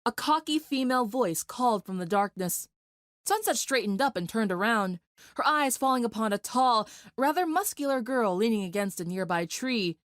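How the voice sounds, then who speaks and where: A woman's voice: a little high, lively intonation, normal speed, no room sound. Woman reading an action story, dry close sound. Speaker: narrator. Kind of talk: dramatic fan fiction reading.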